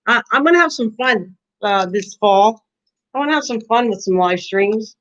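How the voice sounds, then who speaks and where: A woman's voice: fairly high pitch, lively intonation, moderate pace, fairly bright tone. Chatty older woman on a lo-fi stream. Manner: chatty, talks to viewers by name, laughs often. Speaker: live-stream host. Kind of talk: casual live-stream chat. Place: home kitchen. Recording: lo-fi stream audio.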